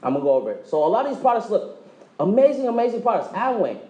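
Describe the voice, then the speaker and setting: A man giving a motivational sales presentation, joking and quizzing the audience, acting out quick dialogues. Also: high voice, very animated, a little mellow, roomy sound, poor audio. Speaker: presenter at a direct-sales meeting. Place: meeting room with live audience.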